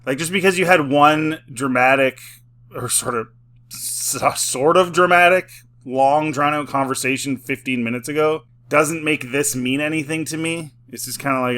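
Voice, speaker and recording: A man's voice: a little high, moderate pace, sharp tone. A man giving a casual spoken review, rambling with lots of filler words and frequent chuckles, sometimes mocking and sarcastic. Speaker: film and TV reviewer.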